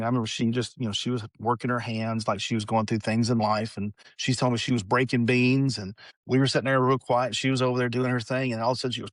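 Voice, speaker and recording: A man's voice: mid-range voice, no echo. A middle-aged man who is a guest on a podcast, telling a family story in a folksy, rambling way with plenty of "you know" asides. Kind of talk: anecdotal storytelling in conversation.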